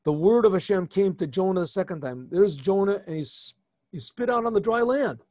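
A man, a rabbi, retelling a scripture story to his class in an animated way, often restarting and adding asides. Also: high voice, normal speed, no room sound, studio quality. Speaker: rabbi teaching a yeshiva class. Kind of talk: informal storytelling lesson.

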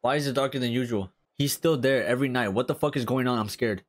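Profane man yelling through a horror game. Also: medium pitch, fairly even intonation, fast, hardly any pauses. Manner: profane, loud outbursts, talks to game characters. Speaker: gaming streamer. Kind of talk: let's-play commentary.

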